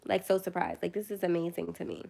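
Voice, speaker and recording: A woman's voice: on the low side, little pitch movement, quick pace, vocal fry, warm tone. A young woman chatting casually on her first phone livestream, tired late at night, rambling and self-deprecating.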